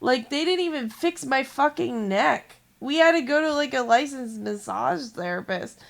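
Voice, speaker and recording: A woman's voice: high-pitched, lively intonation, moderate pace, vocal fry. A woman streamer venting angrily in casual chat, swearing heavily. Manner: angry, heavy swearing.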